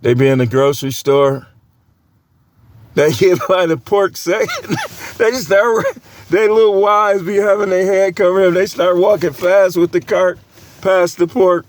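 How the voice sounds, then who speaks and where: A man's voice: high-pitched, measured pace, no room sound. A man with a cold who coughs now and then, preaching a casual, joking sermon with lots of laughter and slangy banter.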